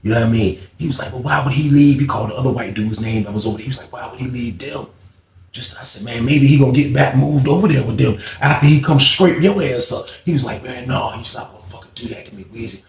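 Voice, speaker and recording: A man with a gravelly voice telling a story in an animated way and acting out what other people said. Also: mid-range voice, fast talker, roomy sound. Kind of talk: storytime monologue.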